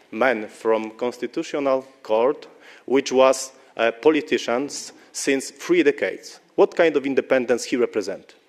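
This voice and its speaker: A man speaks slow, halting English in a formal press-conference register. He repeats himself as he presses his question. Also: mid-range voice, big-room sound. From Poland. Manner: halting, repetitive, formal non-native English.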